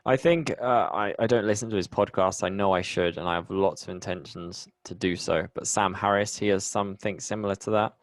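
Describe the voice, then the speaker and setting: Young Bristol-accented man, low-pitched, rambling podcast guest in casual chat, dry sound. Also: a little fast, hardly any pauses, dry recording. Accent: English, Bristol. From England. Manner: chatty, rambling, many restarts. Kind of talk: casual conversation.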